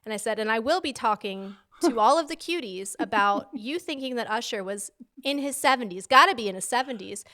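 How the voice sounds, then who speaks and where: A woman co-hosting a podcast in casual chat, telling animated stories and acting out quotes. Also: on the high side, a little fast. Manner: animated storyteller, acts out quotes. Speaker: podcast co-host. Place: home basement.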